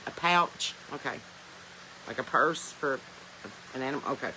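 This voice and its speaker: Bright chatty Southern woman on a phone. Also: extremely low pitch, moderate pace, a little hiss or hum, poor audio. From Southern United States. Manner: chatty, rambling, laughs often, reads viewer comments aloud. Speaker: podcast host. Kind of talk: casual live-stream chat. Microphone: smartphone.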